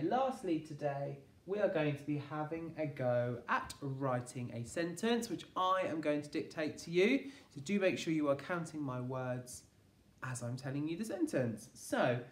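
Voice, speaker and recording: An English woman teaches phonics to young children, low in pitch but lively in melody as she stretches out each sound. She speaks slowly and encouragingly. Her voice carries a roomy echo, picked up from a little way off the mic. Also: distant mic. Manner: slow, sounding out phonemes one by one; encouraging, clear classroom delivery. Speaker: primary school teacher. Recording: echoey room, voice from off-mic.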